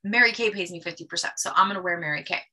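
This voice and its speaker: A woman teaching a sales class, energetic and acting out short customer dialogues as she explains. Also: fairly low pitch, very fast. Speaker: sales trainer.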